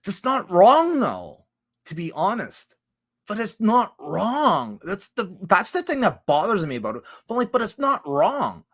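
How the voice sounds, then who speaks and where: A man's voice: high-pitched, huge pitch swings, unhurried, fairly bright tone, husky. A man chatting casually on a livestream, rambling with many restarts, swearing heavily and laughing often. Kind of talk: casual rambling stream chat.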